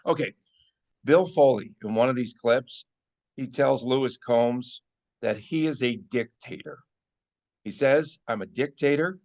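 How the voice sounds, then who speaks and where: A man's voice: medium pitch, unhurried, pauses often, darkish tone. A man hosting a sports podcast in a playful, teasing way, often mock-outraged. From Las Vegas. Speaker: podcast host. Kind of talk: casual sports podcast chat.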